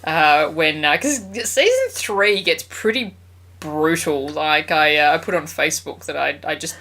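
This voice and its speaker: Low-voiced chatty woman. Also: animated, measured pace, sharp tone, a little hiss or hum. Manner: chatty, laughs often, swears casually. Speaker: podcast co-host. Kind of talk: casual chat.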